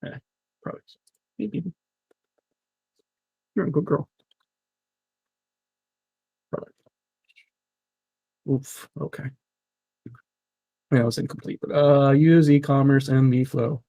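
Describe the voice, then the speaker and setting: A man casually commenting on a live stream as he works through software, muttering to himself in a wry, self-mocking way. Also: mid-range voice, steady tone, slow, gravelly, pauses often, no echo.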